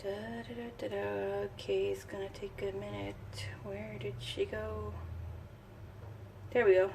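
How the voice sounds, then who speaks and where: A woman's voice: mid-range voice, vocal fry, darkish tone, slight background noise. A woman giving a casual tarot reading, reading card passages aloud and chatting enthusiastically as she thinks aloud. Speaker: tarot reader.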